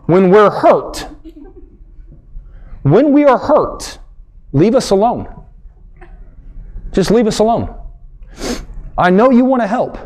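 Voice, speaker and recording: Un hombre con acento del sur de Estados Unidos haciendo comedia en vivo, que cuenta historias con mucha expresión y grita los remates. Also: male voice, sits high, slow pace, long pauses. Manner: animated storytelling, acts out characters, shouts punchlines. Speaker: stand-up comedian. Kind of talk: stand-up comedy.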